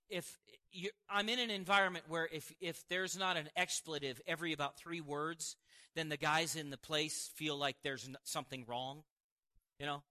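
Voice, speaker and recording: A man preaching a sermon and telling a personal testimony, animated, with quick asides and frequent laughs. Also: on the high side. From Montana, United States.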